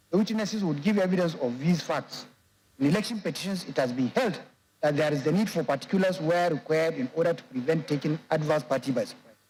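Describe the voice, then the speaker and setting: A man with a Nigerian English accent, serving as a judge and reading a court judgment aloud in a measured, formal way. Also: high-pitched, darkish tone, low-quality recording.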